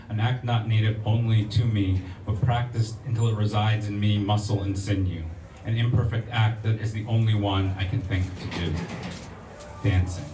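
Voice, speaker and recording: A low-pitched American man reads poetry in a measured, rhythmic cadence, pausing for casual asides to his audience. He sounds distant from the microphone in an echoey library room, with a faint hum of ambient noise behind him. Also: warm tone. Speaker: poet. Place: public library event room.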